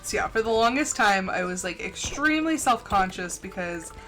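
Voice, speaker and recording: A young woman streaming a farming game, chatting fast and casually with a slight lisp and lots of "like". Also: mid-range voice, animated, fairly bright tone. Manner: chatty, fast, says "like" a lot. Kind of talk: casual chat while gaming. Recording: faint music underneath.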